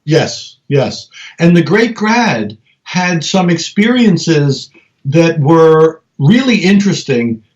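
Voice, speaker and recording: A middle-aged man, a researcher being interviewed, talking in a lively storytelling way with many restarts. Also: on the high side, slow pace. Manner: animated storyteller, many restarts, acts out quoted voices. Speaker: guest researcher. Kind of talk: conversational interview. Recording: slightly dull lo-fi audio.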